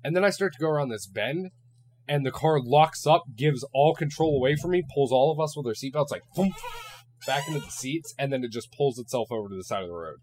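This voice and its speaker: Young man, podcast host, casual chat, swears a lot, animated storyteller. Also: mid-range voice, a little fast. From Ohio, USA.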